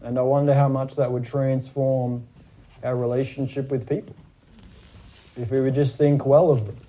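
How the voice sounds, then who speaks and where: A pastor with an Australian accent, delivering a sermon in a measured, deliberate way and stressing his points. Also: medium pitch, little pitch movement, dark tone, lo-fi sound.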